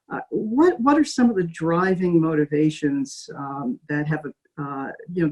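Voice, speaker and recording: A middle-aged woman hosting an interview, speaking haltingly with many fillers and restarts. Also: low voice, warm tone, rough recording. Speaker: interviewer host. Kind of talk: video call interview.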